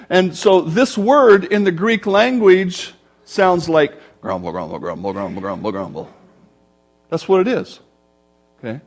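A man with a high, light voice delivers a sermon from the pulpit. He teaches verse by verse, his pace and volume swinging between urgent and drawn-out. At times he sinks into a low, growling grumble to illustrate a word. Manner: expository preaching with sudden shifts in volume and pace. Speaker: pastor.

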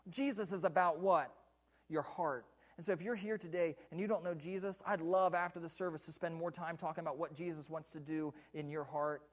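A man's voice: on the high side, fairly even intonation, brisk. A man preaching a sermon from a church pulpit, repeating key lines and putting questions to the congregation. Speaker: pastor.

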